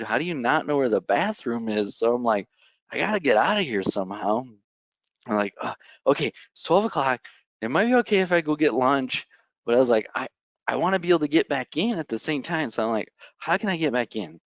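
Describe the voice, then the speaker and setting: A young man telling a story at a conference talk, lively, laughing often and saying "like" constantly. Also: medium pitch, dry recording. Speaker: conference speaker.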